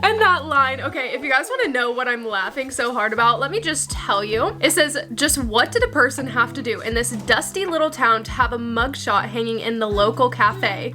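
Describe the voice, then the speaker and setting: A woman's voice: a little high, expressive, normal speed, few pauses, over music. A young woman in her twenties vlogging at home about her reading, bubbly and gushing, often giggling. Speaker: book vlogger. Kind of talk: casual vlog chat.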